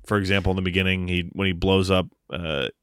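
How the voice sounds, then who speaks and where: A man's voice: low-pitched, steady tone, fast talker, fairly bright tone, clear, resonant tone, no room sound, studio quality. A man co-hosting a casual movie podcast, recapping a film's plot in a loose, joking way. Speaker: podcast co-host.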